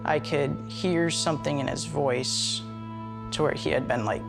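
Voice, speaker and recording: A man's voice: fairly high pitch, unhurried, gravelly, music in the background. A young man, the younger brother, earnestly recounting events in a documentary interview.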